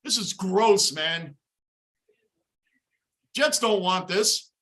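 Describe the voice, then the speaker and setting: Shouting, bright-voiced man fan ranting. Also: high-pitched, extremely slow. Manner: frustrated, shouting play-by-play and rants. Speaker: fan livestream host. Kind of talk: live fan reaction commentary.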